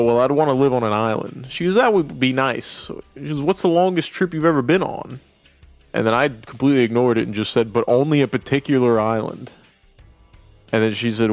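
A man's voice: medium pitch, no room sound. Crude, joking podcast guy, dry close mic. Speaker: podcast co-host. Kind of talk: casual chat. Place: podcast studio.

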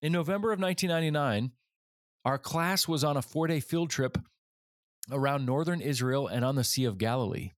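A man's voice: mid-range voice, brisk, no room sound, clean studio sound. A man in his forties hosting a leadership podcast, telling a personal story in an earnest way and getting livelier when he acts out other people. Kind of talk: storytelling monologue.

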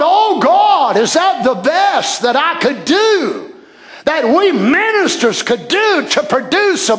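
A man preaching a fiery sermon, often shouting and calling out hallelujah. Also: very high voice. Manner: shouting, exclaiming hallelujah, acting out quoted voices.

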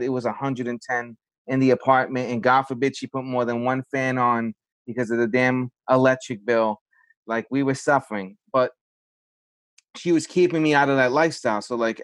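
A man's voice: medium pitch, dry recording. A man from the South Bronx, speaking reflectively in a casual podcast chat with many fillers. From South Bronx, New York.

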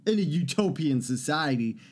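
A man with a fairly high voice co-hosts a relaxed podcast. He chimes in with dry, joking remarks and banter. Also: normal speed. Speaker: podcast co-host. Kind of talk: casual podcast chat.

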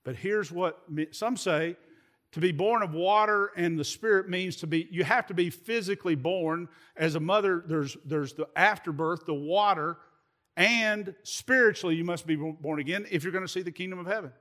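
A man delivers an animated sermon in a slightly high voice. He stumbles and repeats words as he goes and turns to the congregation with folksy, chatty asides. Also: moderate pace. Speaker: pastor.

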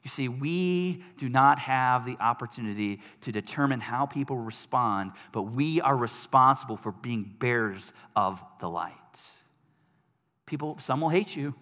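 A man preaching a sermon, animated and acting out quoted people in raised voices. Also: medium pitch, measured pace. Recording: long hall reverb.

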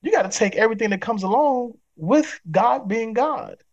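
A man's voice: extremely high pitch, animated, normal speed, highs cut off. A man who is a pastor, a guest on a podcast interview, speaking in an emphatic, preacherly way. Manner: acts out quoted people in other voices.

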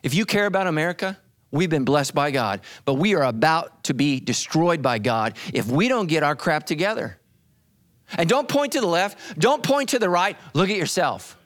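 A man preaching a sermon as pastor, dramatic and animated, acting out voices as he tells the story. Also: on the high side, normal speed.

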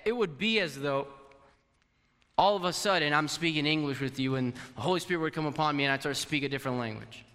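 A man's voice: fairly high pitch, fast talker, sharp tone. A man whose first language is Portuguese, preaching a conversational sermon to a congregation and asking them questions. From Portuguese-speaking country. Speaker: pastor. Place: church hall. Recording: long hall reverb.

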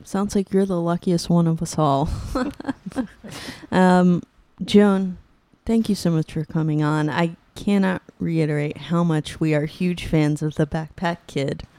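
A woman hosting a comedy podcast who talks in a dry, deadpan way. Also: fairly low pitch, a little slow, no room sound. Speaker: podcast host. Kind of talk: improvised comedy interview.

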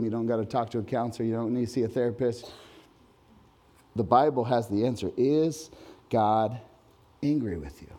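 A man preaching a sermon in a church hall, animated, rising loud and high whenever he reads scripture aloud. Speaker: pastor.

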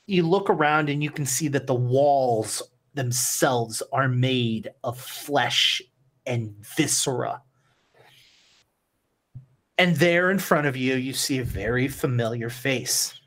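A woman narrating a tabletop game as game master, unhurried and descriptive, with many fillers. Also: extremely low pitch.

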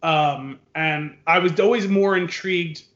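A man hosting a podcast in casual chat, animated and retelling scenes with frequent laughs. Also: a little high, measured pace, reverberant, highs cut off. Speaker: podcast host.

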